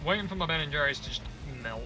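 A young man with a fairly high voice talks through a video game at home, cursing freely, groaning and poking fun at himself. Game music plays clearly under his voice. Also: lively intonation, racing, rough recording. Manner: sweary, self-mocking, yelps and groans at the game. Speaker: gaming video creator. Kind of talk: casual let's-play commentary. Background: video game music and sounds.

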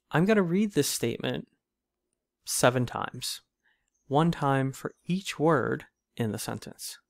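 A man lecturing on a recorded class video, speaking in a relaxed, conversational way and often checking in with "right?". His voice sits at a middle pitch. The recording is close and dry, with no room echo. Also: vocal fry. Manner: casual, conversational, frequent "right?" tag questions. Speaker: literature instructor.

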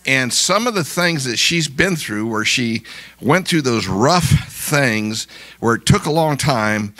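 A man's voice: medium pitch, lively intonation, takes it slowly, bright, forceful tone, no room sound. A male pastor preaching in an exuberant style, calling out hallelujahs and encouragement to the congregation. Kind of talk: sermon.

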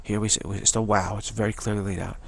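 A man's voice: lowish voice, flat delivery, fast talker, creaky, slight background noise. A man giving a solo spoken commentary, rambling earnestly and often repeating and restarting his phrases. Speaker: channel host.

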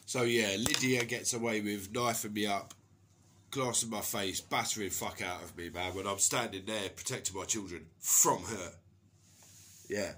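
A middle-aged man rants furiously to the camera, swearing hard. His voice is sharp and forceful, and he slips into mocking put-on voices as he goes. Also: fairly low pitch, moderate pace, slight background noise. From England. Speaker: vlogger. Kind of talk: angry personal rant to camera.

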